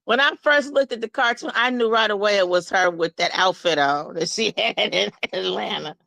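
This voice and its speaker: A woman co-hosting a gossip livestream, telling stories fast with slang and laughter. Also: medium pitch, creaky, pushed and bright, dry recording, poor audio. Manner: rapid storytelling with slang and laughter. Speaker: livestream co-host. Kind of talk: casual gossip livestream chat.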